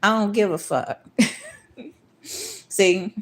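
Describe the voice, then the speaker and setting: A woman's voice: medium pitch, sing-song, extremely slow, fairly bright tone. Profane ranting woman with AAVE. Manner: profane, confrontational, streetwise; acts out others' voices in quoted asides. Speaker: vlogger. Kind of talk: ranting monologue.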